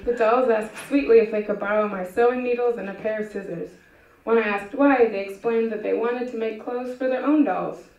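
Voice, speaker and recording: Woman, live story reader, wry deadpan delivery, fairly high voice, echoey venue. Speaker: reader at a literary event. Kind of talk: live reading of short stories. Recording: dull, echoey room from far off.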